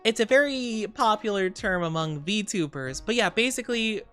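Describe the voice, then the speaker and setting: A woman's voice: medium pitch, animated, moderate pace, a bit bright, soft background music. A woman streamer chatting casually with her live chat, rambling and giggling often, tired and yawning. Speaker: VTuber streamer.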